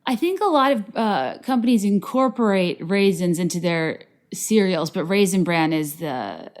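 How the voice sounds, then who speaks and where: Lively, animated woman podcast guest. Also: fairly low pitch, moderate pace. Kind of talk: casual podcast chat.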